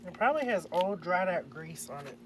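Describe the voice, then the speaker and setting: A man's voice: high voice, expressive, a little fast, background noise. A man chatting casually to live-stream viewers, muttering to himself as he works on a repair. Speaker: livestreamer. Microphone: phone.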